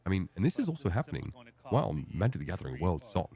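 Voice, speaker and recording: A man chatting casually on a co-stream in a quick, reflective way. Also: low voice, sing-song, vocal fry, warm tone. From Australia. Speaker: co-stream host. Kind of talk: casual chat.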